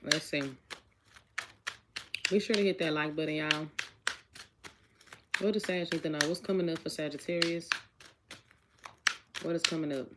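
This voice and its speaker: This tarot reader, an adult woman with a child, has a deep voice and a steady tone, talking at a moderate pace with long pauses. Heavy background noise sits behind her casual reading, which is chatty and repetitive as she voices each question and speaks straight to viewers.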